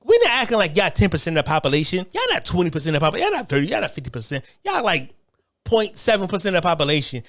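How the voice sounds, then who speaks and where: Heated man with a high, lively voice. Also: rapid-fire. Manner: heated, profane, repetitive restarts. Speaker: online commentator. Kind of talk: political rant monologue.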